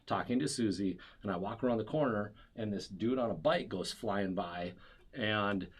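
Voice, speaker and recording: A man's voice: lowish voice, moderate pace, breathy edge. A man from Wisconsin, a podcast guest, telling a self-mocking story in casual chat, swearing freely. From Wisconsin, USA.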